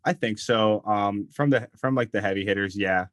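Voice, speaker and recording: Low-voiced, easygoing man co-host. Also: moderate pace, no echo, clean studio sound. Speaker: podcast co-host. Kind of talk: casual chat about wrestling.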